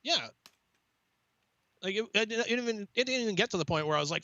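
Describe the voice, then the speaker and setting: Animated, swearing man telling a story. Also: sits high, a little fast, pauses often, dry recording, muffled recording. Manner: animated, swearing, acts out quoted voices. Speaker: podcast co-host. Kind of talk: casual storytelling chat.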